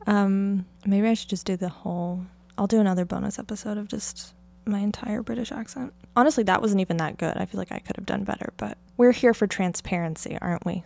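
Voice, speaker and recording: A young woman from Oregon chats through a solo podcast episode, keeping her pitch in an ordinary middle register. She rambles freely from thought to thought. Filler words and small laughs run through her easy talk. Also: gravelly, darkish tone. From Oregon, United States. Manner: chatty and rambling, heavy use of "like", light laughter. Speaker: podcast host. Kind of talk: casual solo podcast chat.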